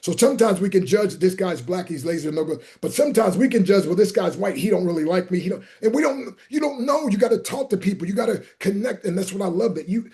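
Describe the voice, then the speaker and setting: Animated storytelling man, voices the people in his stories. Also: high voice, fast, few pauses. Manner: acts out voices in his stories, sometimes shouting. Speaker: guest speaker.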